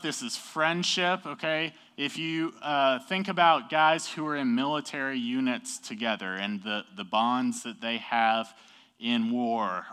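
A man's voice: mid-range voice, bright, forceful tone, clean tone. A young man teaching a class in a casual, upbeat way, often checking in with the group. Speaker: youth teacher.

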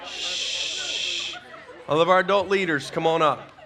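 A man, a youth pastor giving a folksy, energetic closing talk to his youth group. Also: fairly high pitch, quick pace.

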